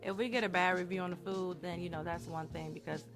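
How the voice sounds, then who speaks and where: A woman, co-owner of a restaurant, chatting casually in an interview with relaxed, laughing speech. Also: on the low side, fast talker. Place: indoors in a wing restaurant. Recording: music playing in the background.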